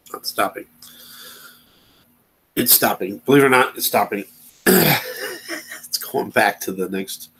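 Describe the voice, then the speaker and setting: A man's voice: mid-range voice, fairly bright tone, low-quality recording. A man hosting his own channel, talking casually and impatiently while he browses and plays videos. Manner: rambling, impatient with slow computer. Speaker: channel host.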